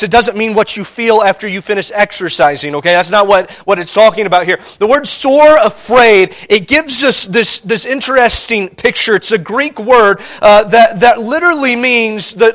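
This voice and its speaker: High-voiced animated male preacher. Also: moderate pace, hardly any pauses. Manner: animated, emphatic, frequent restarts and rhetorical "all right?". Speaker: pastor. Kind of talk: sermon.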